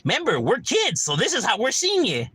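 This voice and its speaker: A man tells stories in a loose, profane, slang-heavy way, his voice swinging up and down with lively energy. His tone is bright and a touch husky, and it sits a little higher than most men's. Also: fairly quick, no room sound, poor audio. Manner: animated, slangy and profane, street talk. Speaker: streamer telling stories. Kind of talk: casual storytelling chat.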